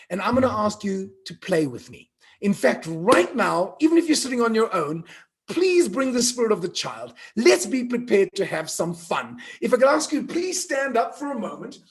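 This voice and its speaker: A man in his fifties from South Africa hosts a live online event with playful energy. His voice sits high for a man and has a husky edge. He tells stories and keeps calling on the audience to join in. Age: 50s. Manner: playful, animated, storytelling, asks the audience to join in. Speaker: event host.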